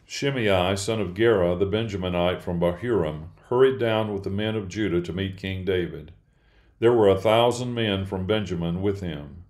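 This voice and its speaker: A man reading a Bible passage aloud in a steady, measured way. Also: deep voice. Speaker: scripture reader.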